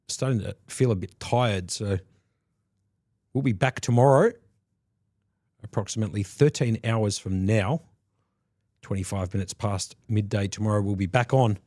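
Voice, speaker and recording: Man, lowish voice, dry close sound, poker commentary. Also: a little mellow, dry recording. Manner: jokey, chatty play-by-play. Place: commentary booth.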